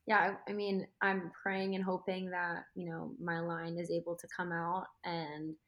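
A woman's voice: fairly low pitch, level tone, unhurried, highs cut off. A young woman talking as a guest on a podcast, chatty and laughing often. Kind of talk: casual interview chat.

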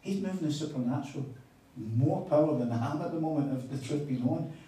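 A man's voice: fairly high pitch, a little fast. Man preaching in an echoey hall. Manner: animated, chatty storytelling with quoted dialogue. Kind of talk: sermon with storytelling. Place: conference hall on a weekend retreat. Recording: echoey hall, mic at a distance.

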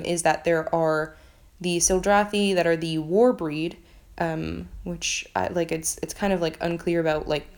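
A woman's voice: lowish voice, a little mellow. A young woman vlogging a casual book review, rambling with lots of fillers and frequent swearing.

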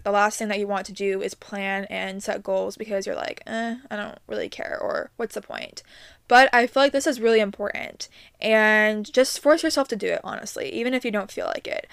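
A woman's voice: a little high, fairly bright tone, clean tone, no room sound, clean studio sound. A young adult woman hosting her own podcast, giving casual upbeat advice with many ums and likes. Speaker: podcast host.

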